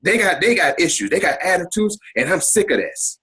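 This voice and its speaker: A man's voice: high voice, sing-song, a little fast, pushed and bright, slightly rough, voice pushed up, heavily acted. A man voicing his angry, accusing mother-in-law as he retells a family fight. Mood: scolding. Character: angry scolding middle-aged mother-in-law.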